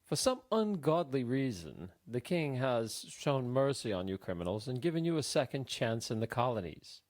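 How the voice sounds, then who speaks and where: A man voicing an arrogant, pompous ship captain who proclaims loudly. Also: medium pitch, sing-song, moderate pace, natural voice. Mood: haughty. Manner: loud, haughty proclamations.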